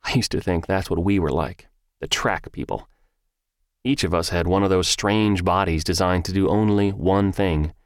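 This is a male audiobook narrator with a deep voice, telling a first-person story in a measured, even way. The studio recording is clean, with no room sound.

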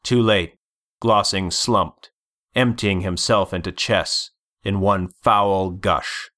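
A man reading a story aloud as narrator, deliberate and measured. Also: sits low, fairly even intonation, sharp tone. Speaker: audiobook narrator. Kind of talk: scripted narration.

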